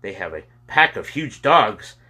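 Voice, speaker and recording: Man playing a stern policeman, barking orders, high strained shout, husky edge. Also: big pitch swings, measured pace, heavily acted. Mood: firm.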